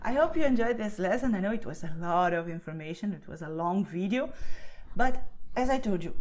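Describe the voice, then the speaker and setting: A woman's voice: fairly high pitch, darkish tone. Patient Spanish-accented woman teaching. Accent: Castilian Spanish. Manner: patient, checks in with "okay?" often. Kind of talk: explaining a beginner lesson.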